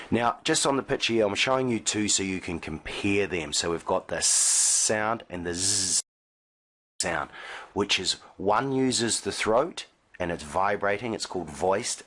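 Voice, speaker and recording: A man's voice: sits low, fairly bright tone. A man teaching an exam pronunciation lesson to camera, patient and demonstrative, stretching some sounds long and punching others out short. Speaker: IELTS teacher.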